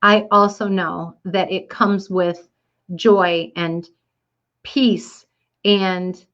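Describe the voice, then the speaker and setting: A woman speaking earnestly and from the heart about a personal experience, a little teary-eyed, with the odd restart and soft laugh. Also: medium pitch, fairly even intonation, extremely slow, lo-fi sound. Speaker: motivational speaker. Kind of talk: personal reflective monologue.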